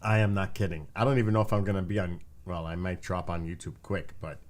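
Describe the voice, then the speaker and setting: A man hosting a live stream in a loose, joking chat. His voice sits fairly low, and he talks with animated, chatty energy. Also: quick pace. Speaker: stream host.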